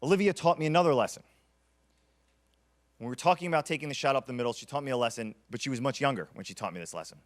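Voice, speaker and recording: A man's voice: mid-range voice, very fast. A man in his thirties giving a motivational keynote, telling stories dramatically and repeating key lines for emphasis. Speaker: keynote speaker.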